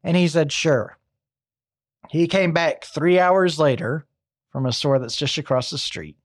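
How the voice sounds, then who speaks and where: A man's voice: a little high, normal speed, no echo, clean studio sound. A young man narrating a true crime story casually, with wry asides.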